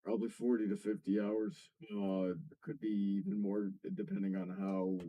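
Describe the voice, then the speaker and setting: A man's voice: fairly low pitch, little pitch movement, moderate pace, mellow. A man who makes videos, talking hesitantly with many fillers on a casual livestream. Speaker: video creator guest. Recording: muffled lo-fi mic.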